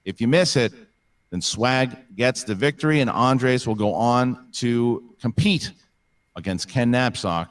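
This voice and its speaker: A man runs a live-streamed trivia match, calling scores and ruling on challenges in quick bursts. His voice is mid-pitched and sounds set back from the microphone. He often repeats key phrases for emphasis. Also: distant mic. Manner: brisk, rapid-fire officiating, repeats key phrases. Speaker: trivia match host and referee.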